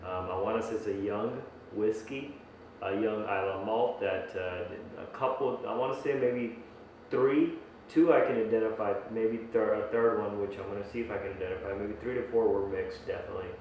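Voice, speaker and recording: A man with a lowish voice reviews whisky casually at home, rambling and restarting as he thinks aloud. He sits well back from the mic, and the room rings with a heavy echo. A faint hiss runs underneath. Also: normal speed, lo-fi sound. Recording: very echoey room, mic at a distance.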